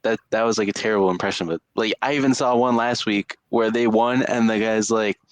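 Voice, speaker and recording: A man's voice: on the low side, fairly even intonation, fairly quick, no room sound. A young man co-hosting a casual sports podcast, rambling with lots of fillers and restarts. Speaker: podcast co-host.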